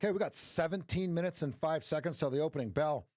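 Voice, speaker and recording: A trading coach gives energetic live-stream commentary on trades, addressing viewers directly and often checking in with a quick "right?". His somewhat high voice is getting hoarse as he loses it, and the sound is close and dry with no room sound.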